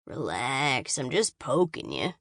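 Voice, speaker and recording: A woman's voice: rumbling low, very animated, takes it slowly, fairly bright tone, dry recording, clean studio sound, pitched below the performer's own voice, exaggerated voice. A woman voicing a crude, smug male soldier guard who talks in a lazy, mocking drawl. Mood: taunting.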